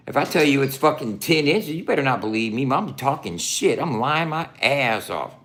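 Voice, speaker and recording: A man's voice: medium pitch, expressive, moderate pace, fairly bright tone, slight background noise. A man hosting a casual livestream from his home, swearing constantly and laughing often. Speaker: livestream host. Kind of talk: profane casual livestream chat. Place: room at home.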